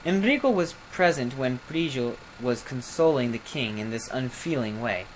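A storyteller reading a fairy tale aloud, expressive, with small slips and self-corrections. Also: mid-range voice, moderate pace, few pauses, slight background noise.

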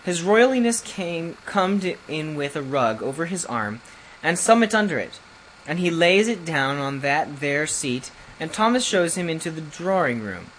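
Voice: medium pitch, big pitch swings, measured pace, fairly bright tone, slight background noise, poor audio. A reader voicing a nervous, bumbling under butler who speaks in broken rustic grammar and stumbles over words in a storybook reading. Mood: nervous storytelling.

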